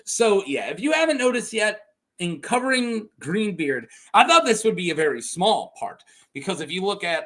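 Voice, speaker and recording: Brief: rambling male host of a lore video, lively delivery. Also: on the high side. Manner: rambling, self-correcting, laughs often. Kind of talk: casual story recap.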